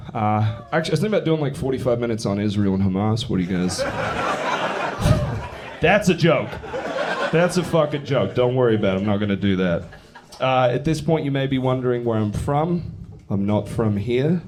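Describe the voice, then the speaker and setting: A man's voice: mid-range voice, expressive, fairly quick, background noise. A young man from England and California doing a brash, profane, self-mocking stand-up set with crowd work. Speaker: stand-up comedian. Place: theater stage before a laughing audience. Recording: live show with loud crowd laughter.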